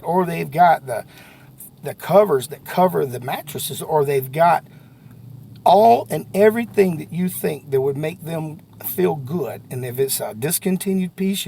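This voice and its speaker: Animated, gravelly-voiced man. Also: a little high. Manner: folksy and animated, jumps to sudden shouts. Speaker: sales trainer. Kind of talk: motivational sales talk to camera.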